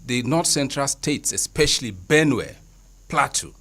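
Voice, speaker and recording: A Nigerian man speaking as a studio panelist, making his points in a measured, deliberate way. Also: mid-range voice, animated, fairly bright tone, breathy edge. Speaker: panelist, journalist.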